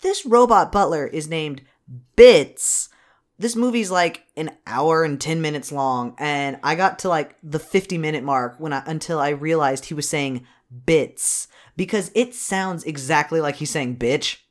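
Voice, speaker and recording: A man co-hosting a podcast, recapping a movie in rambling, profane casual chat. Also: on the high side. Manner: rambling, profane, animated, quick bursts.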